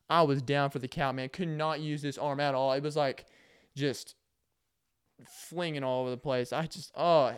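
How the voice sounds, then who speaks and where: A man's voice: a little high, smooth, dry recording, studio quality. A young man hosting a podcast, telling rambling comic stories in a casual monologue, full of laughs and acted-out quotes. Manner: rambling, animated storytelling with laughs and put-on quotes. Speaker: podcast host.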